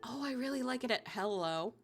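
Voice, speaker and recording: A woman's voice: a little high, animated, a little fast. A young woman streaming a game live, chatting casually and giggly, often saying "like". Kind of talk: casual live-stream chat while gaming. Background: game music.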